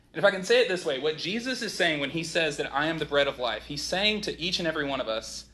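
A pastor in his thirties delivers a sermon in a relaxed, conversational way, full of asides and stories. His voice sits a little high for a man and sounds bright and forward. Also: fast talker, few pauses. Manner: conversational, animated storytelling with many "like" asides.

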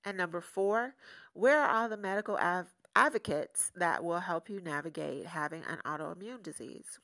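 A woman's voice: lowish voice, moderate pace, a bit bright. A woman hosting her own podcast in a casual, candid solo monologue that turns motivational. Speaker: podcast host.

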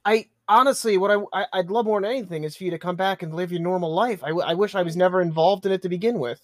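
A player stammering through apologies and plans at the game table, tripping over his words again and again. The voice sits at a middle pitch, recorded close and dry with no room sound. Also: quick pace, dry recording. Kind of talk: tabletop role-play.

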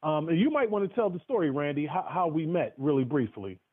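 A man's voice: fairly high pitch, expressive, brisk, husky, no room sound. Emotional man on a tinny phone line. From North Carolina. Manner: emotional, preacherly, many restarts. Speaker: guest speaker. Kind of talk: heartfelt storytelling on a call-in broadcast.

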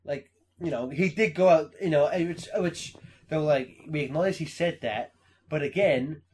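A man co-hosting a podcast in casual chat, animated and swearing, laughing as he acts out quotes. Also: fairly high pitch, moderate pace. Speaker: podcast co-host.

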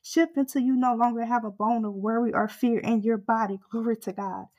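A woman's voice: on the high side, steady tone, brisk, a little mellow. A woman preaching a sermon with fervent, rhythmic exhortation that builds in intensity through repeated refrains.

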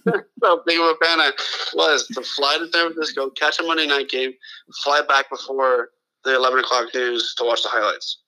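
Bright-voiced man telling a rambling story. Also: mid-range voice, little pitch movement, fairly quick, low-quality recording. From Los Angeles area. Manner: rambling, profane, full of restarts and quoted dialogue. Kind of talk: casual storytelling.

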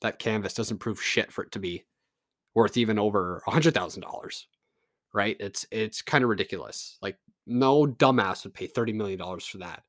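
A man's voice: on the low side, moderate pace, no echo, studio quality. A man from Canada delivering a casual, profane, sarcastic rant to his audience. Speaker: vlogger.

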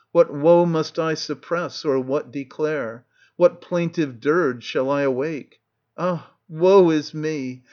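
A man with a fairly high voice reads a verse tragedy aloud, very slow and measured. His tone is mournful throughout. The recording is dull and lo-fi. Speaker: audiobook narrator.

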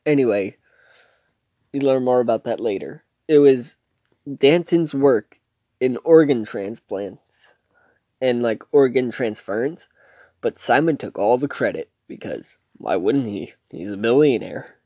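A man's voice: medium pitch, animated, a little slow, dry recording, lo-fi sound. A man casually recapping a TV show's plot, rambling and restarting as he loosely quotes the scenes. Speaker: TV show reviewer.

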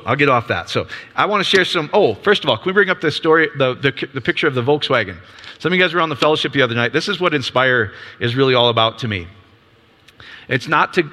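Upbeat, bright-voiced preacher in his fifties. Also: mid-range voice. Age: 50s. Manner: conversational, upbeat, asks rhetorical questions. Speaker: ministry leader. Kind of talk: casual sermon. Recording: long hall reverb.

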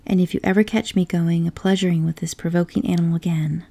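A woman's voice: fairly low pitch, steady tone, fast talker, creaky, mellow. A woman voicing a stern, practical male water rat who speaks firmly and sharply, in a whispered role-play of a storybook. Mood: exasperated. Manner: firm, stern, exasperated.

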